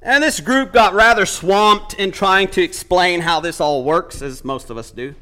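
A man's voice: high-pitched, unhurried, sharp tone. A man preaching a sermon, retelling a story with quoted speech and building to emphatic points.

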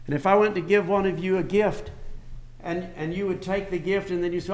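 An older man preaching a sermon in a folksy way, repeating his phrases and swinging between soft and loud. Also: high voice, a little fast, slight background noise.

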